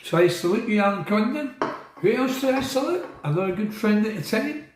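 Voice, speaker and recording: A man's voice: high-pitched, lively intonation, fairly quick, echoey room, slight background noise, poor audio. A man telling stories about his time as a prisoner in a rambling monologue. He is blunt, swears, strays off track and asks and answers his own questions.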